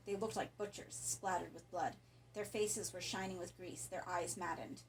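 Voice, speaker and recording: A woman reading a horror story aloud in a calm, even narration. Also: on the low side, normal speed, a little hiss or hum, low-quality recording. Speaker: audiobook narrator.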